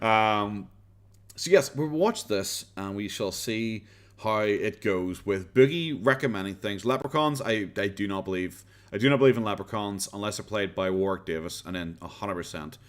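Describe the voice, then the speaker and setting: Rambling Irish man with a lowish voice. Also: bright, forceful tone. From Ireland. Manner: rambling, self-interrupting, laughs often. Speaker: streamer. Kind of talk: casual live-stream chat reading viewer comments.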